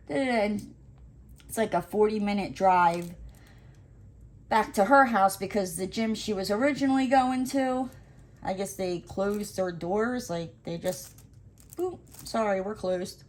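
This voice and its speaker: A woman chatting casually while she crafts, rambling through an animated story full of "like" and acted-out dialogue. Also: mid-range voice. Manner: acts out quoted dialogue. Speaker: crafting vlogger. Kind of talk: casual chat while diamond painting.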